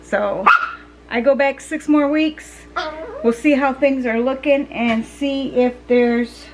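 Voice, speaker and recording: A woman's voice: high voice, steady tone, slow pace, poor audio. A middle-aged woman vlogger talking casually to her viewers, rambling with fillers and restarts. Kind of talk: casual chat to camera.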